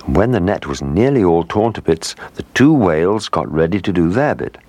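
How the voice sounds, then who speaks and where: A man reading a children's story aloud in a lively, expressive way. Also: sits low, moderate pace. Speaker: narrator.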